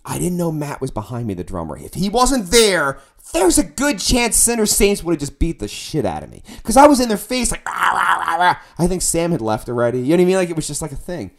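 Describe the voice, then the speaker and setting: A middle-aged musician with a little high voice rattles off a band story on a casual podcast, talking fast with hardly any pauses. He's animated and profane, acting out how he shouted.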